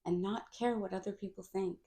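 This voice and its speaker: A woman coach speaks as a guest on a podcast, earnest and encouraging. Her voice sits at a middle pitch and her delivery is lively and motivational. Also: a little fast. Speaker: guest, life coach and actress. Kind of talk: podcast interview.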